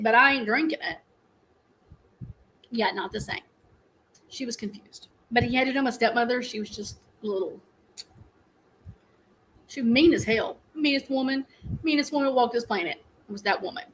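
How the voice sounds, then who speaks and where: Middle-aged lady on a live stream, high voice, rambling and laughing a lot. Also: moderate pace, pauses often, fairly bright tone, low-quality recording. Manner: chatty, rambling storyteller, laughs often. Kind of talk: casual live stream chat.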